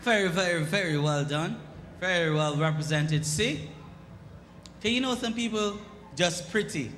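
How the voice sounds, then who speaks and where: Bright-voiced Jamaican host. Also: male voice, high voice, a little slow, a little hiss or hum. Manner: playful teasing, patois asides. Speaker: event host, radio personality. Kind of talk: live event emcee, joking. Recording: long hall reverb, faint music.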